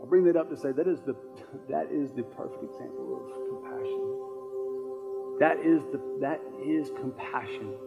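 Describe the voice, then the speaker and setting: A man's voice: fairly high pitch, animated, moderate pace, vocal fry, music in the background. A man preaching a sermon as pastor in a church service, earnest and repeating phrases for emphasis.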